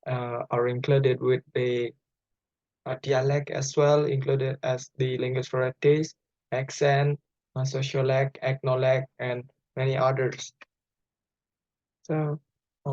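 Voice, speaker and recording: Young male student presenting class material; halting delivery with uh fillers, mid pitch, dry muffled recording. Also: darkish tone, dry recording. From Bali, Indonesia. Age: young adult. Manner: halting, many fillers, plain explaining tone. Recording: dry, dull lo-fi sound.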